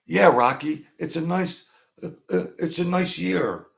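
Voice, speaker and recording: A smug male mob boss brags about wine in a voice pitched well above the speaker's own, stammering over his words, as a man mocks him. He sounds boastful and full of himself. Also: unhurried, gravelly. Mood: smug, mocking. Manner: mocking, stammering.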